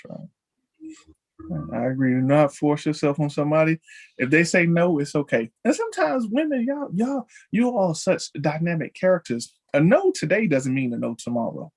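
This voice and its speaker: A man hosting a casual celebrity chat show, talking in an animated way and leaping high in pitch when excited. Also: normal speed. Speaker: show host.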